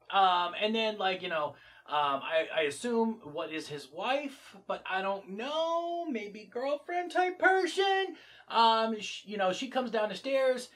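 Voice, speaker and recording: A man chats through a movie recap in a casual vlog, rambling and full of fillers. His voice sits high and bright, and he sounds animated as he narrates. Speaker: movie reviewer.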